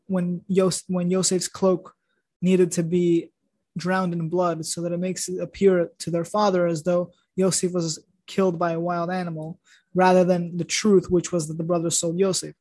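High-voiced man retelling a Torah story. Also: darkish tone, no room sound. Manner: rambling, many restarts and fillers. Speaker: podcast host.

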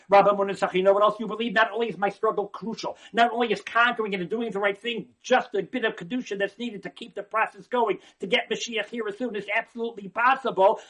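A man giving an animated religious talk, swinging from hushed asides to near-shouting and often repeating words. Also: high-pitched, slightly rough.

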